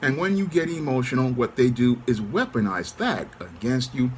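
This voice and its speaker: A middle-aged man hosting his channel, speaking in a calm, controlled monologue. He keeps a measured tone and often repeats set phrases. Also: medium pitch, a little hiss or hum. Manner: calm, controlled, even-toned delivery. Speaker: channel host. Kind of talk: monologue to camera.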